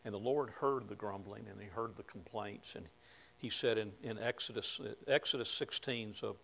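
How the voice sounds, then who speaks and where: A man preaching a conversational sermon, often dropping to a hushed tone and rising to emphatic points. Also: fairly low pitch, normal speed, gravelly. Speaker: pastor.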